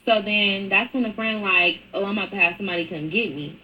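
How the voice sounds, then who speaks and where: A woman's voice: medium pitch, a little fast. A woman telling a story in casual storytime style, blunt and profane, acting out what people said. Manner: blunt, profane, animated retelling. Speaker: storyteller in a played clip. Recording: dull lo-fi clip with faint noise.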